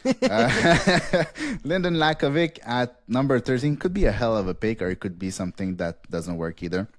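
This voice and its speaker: A man's voice: medium pitch, big pitch swings, dry recording, clean studio sound. A male podcast host in a casual chat, reading out a long list with frequent laughs and fillers. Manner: rattles off picks quickly with frequent laughs and fillers.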